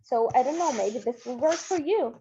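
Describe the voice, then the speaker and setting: High, mellow-toned woman coaching. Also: animated, moderate pace, highs cut off, a little hiss or hum. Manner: encouraging, repeats herself with fillers. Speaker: Model UN trainer. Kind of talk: online training lesson.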